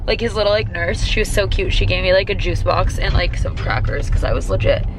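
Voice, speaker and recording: A woman in her twenties with a fairly low voice talks briskly against a noisy background. Congested and sounding odd, she chats casually in a recovery vlog, saying "like" a lot and sometimes dropping into whispers.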